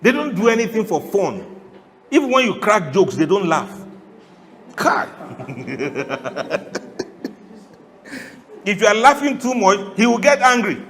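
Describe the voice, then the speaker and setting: A man giving a lively, humorous sermon, often laughing and asking the audience questions. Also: high voice, moderate pace, long reverb tail, a little hiss or hum. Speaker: Islamic preacher.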